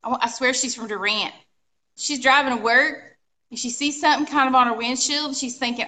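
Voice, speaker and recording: A woman, co-hosting a live furniture painting show and telling animated, exclamatory stories full of sound effects. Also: high voice, a little fast. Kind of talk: casual storytelling chat.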